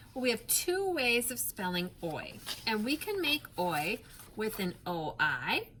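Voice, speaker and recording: Stretching sounds out and naming letters one by one, a woman patiently and clearly teaches phonics to little kids. Her voice is medium-pitched with a fairly bright tone, and there's slight background noise.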